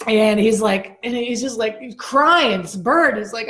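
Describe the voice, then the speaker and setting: A woman co-hosting a casual talk show, animated and laughing often as she tells stories. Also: medium pitch, a little slow. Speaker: co-host. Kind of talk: casual chat and storytelling.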